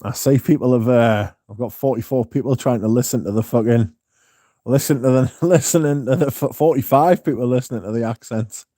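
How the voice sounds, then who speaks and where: A man's voice: medium pitch, a little fast, warm tone, dry recording, clean studio sound. A man hosting a livestream, reading live comments in casual chat, laughing often and swearing. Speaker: livestream host.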